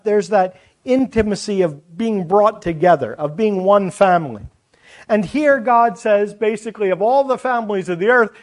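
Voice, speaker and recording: High-voiced man preaching a sermon. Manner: earnest Bible teaching with chatty asides.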